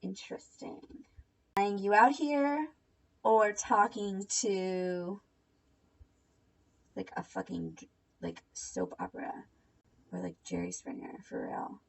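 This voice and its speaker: A woman's voice: mid-range voice, fairly even intonation, takes it slowly, vocal fry, pauses often, dull audio. A young woman recapping and reacting to online drama in a blunt, sarcastic, casual way, swearing freely. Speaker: commentary vlogger. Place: home at night.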